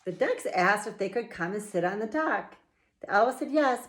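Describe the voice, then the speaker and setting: A middle-aged woman and children's author reading her picture book aloud, with slow, playful, expressive storytelling. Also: mid-range voice.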